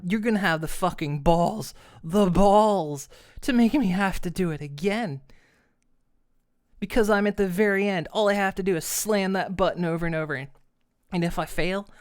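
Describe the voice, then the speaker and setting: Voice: medium pitch, moderate pace, clear, resonant tone. A streamer giving live gameplay commentary, ranting with exasperation, swearing often and laughing between complaints.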